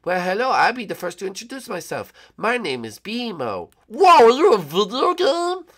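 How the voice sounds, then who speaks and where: A man voicing a small, polite living game console in a Minecraft role-play, calm and a little unsure. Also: high-pitched, moderate pace, pitched above the performer's own voice. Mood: curious.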